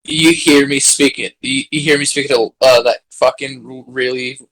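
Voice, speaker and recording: A man's voice: medium pitch, fairly even intonation, moderate pace, a bit bright, low-quality recording. A man playing a tabletop game, joking and argumentative in casual table talk. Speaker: player.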